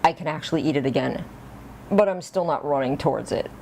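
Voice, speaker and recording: A woman's voice: deep voice, a little fast, gravelly, dark tone, slight background noise. A woman vlogger telling a personal story in a casual, rambling, self-deprecating way, with little chuckles.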